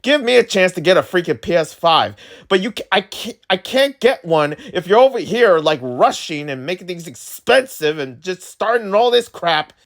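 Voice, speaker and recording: A man's voice: high-pitched, expressive, normal speed. A man ranting casually to his viewers, rambling and exasperated, with lots of filler words. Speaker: channel host. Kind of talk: casual rant to camera.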